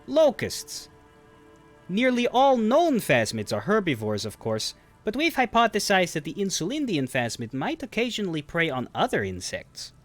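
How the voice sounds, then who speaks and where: A man's voice: high voice, very animated, unhurried, fairly bright tone, soft background music, voice pushed up, exaggerated voice. A streamer putting on an impression of an eccentric man who talks in a strange, unnatural cadence. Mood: eager. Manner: stilted, unnatural phrasing.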